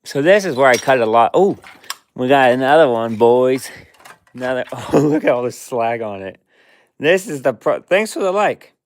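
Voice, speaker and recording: A vlogger cleans out his cluttered workshop, rambling slowly to himself and his dog in a casual running commentary. His mid-range voice sounds animated, and there's no room sound.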